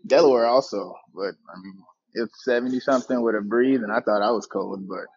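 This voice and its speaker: A man from the Atlanta area who is a minor league pitcher, talking in a relaxed, hesitant way and often saying "like". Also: brisk, vocal fry, breathy edge, lo-fi sound. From Atlanta area, USA. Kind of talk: casual interview.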